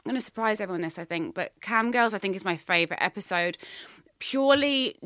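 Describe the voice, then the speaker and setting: A woman's voice: medium pitch, animated, fast, fairly bright tone, no room sound, studio quality. A British woman as a podcast guest, talking in a chatty, rambling way and saying "like" a lot. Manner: chatty, rambling, heavy use of "like". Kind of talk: casual interview chat.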